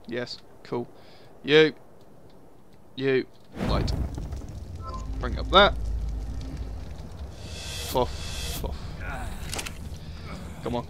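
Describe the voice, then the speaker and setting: A man's voice: mid-range voice, vocal fry, background noise. A young man giving casual, sweary commentary over a survival game, muttering asides to himself. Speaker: gaming video host.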